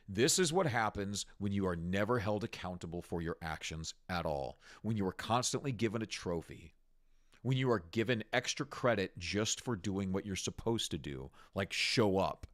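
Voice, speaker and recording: A man ranting through commentary on clips, exasperated and mocking as he swears his way through it. His pitch swings widely, leaping up when he gets worked up and dropping low when he turns scornful. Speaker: commentary host.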